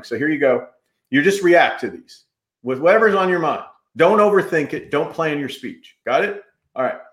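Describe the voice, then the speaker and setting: A man hosting a live-streamed interview over a video call, talking with energy and jumping in with quick asides. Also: medium pitch. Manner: energetic, jumps in, fast asides. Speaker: host. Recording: roomy echo.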